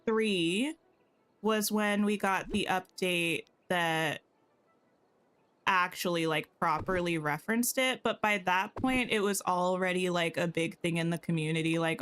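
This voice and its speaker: A woman's voice: on the low side, unhurried, a bit bright, a little hiss or hum. A woman chatting casually while livestreaming a game, thinking aloud and tossing in playful asides to her viewers. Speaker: game streamer.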